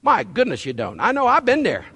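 A man delivering a sermon in a high, animated voice that leaps all over its range. He talks to his congregation in a folksy, conversational way, then presses them with emphatic rhetorical questions. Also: a little fast, husky. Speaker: pastor.

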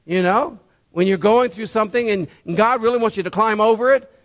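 A man's voice: high voice, a little fast. A man preaching a sermon, folksy and conversational, firing rhetorical questions at the congregation. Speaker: pastor.

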